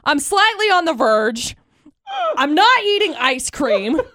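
A woman's voice: sits high, big pitch swings, takes it slowly, sharp tone, no echo, clean studio sound. A young woman co-hosting a morning radio show, telling a story in casual banter and laughing as she goes. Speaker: radio co-host.

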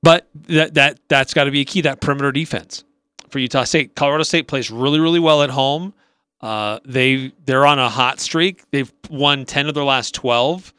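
A man's voice: mid-range voice, normal speed, sharp tone, clean tone, dry recording. A man co-hosting a sports talk radio show, upbeat and rattling off team stats with small restarts. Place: radio studio.

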